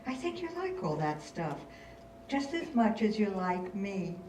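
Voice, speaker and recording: A woman's voice: mid-range voice, big pitch swings, a little slow, a little mellow, slight background noise. An older woman in a staged reading, playing a sardonic, rebellious rich girl writing letters. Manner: sardonic, theatrical. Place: stage in a hall. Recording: roomy, distant hall recording.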